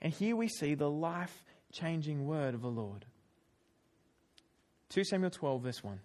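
A man's voice: on the high side, a little slow, long pauses. A young man preaching a sermon, retelling a scripture story and sharing personal stories, his voice rising for emphasis. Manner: animated storytelling, raises voice for emphasis.

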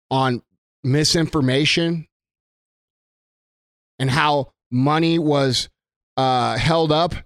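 A man's voice: fairly high pitch, no echo, clean studio sound. A man giving an angry, blunt rant to camera, swearing heavily and repeating himself for emphasis. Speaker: business owner. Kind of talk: profane political rant to camera.

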